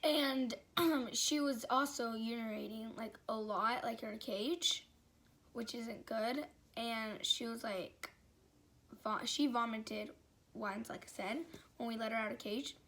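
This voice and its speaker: A woman's voice: on the high side, fairly even intonation, measured pace, fairly bright tone. Rambling young woman telling a story. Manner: rambling, many fillers and restarts. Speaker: vlogger. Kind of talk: casual story time.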